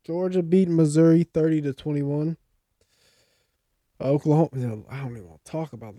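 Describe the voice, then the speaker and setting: A man's voice: a little high, fairly even intonation, fairly quick, long pauses, warm tone, dry recording, clean studio sound. A young man co-hosting a casual sports podcast, ranting and swearing heatedly about his team's play. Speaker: podcast co-host.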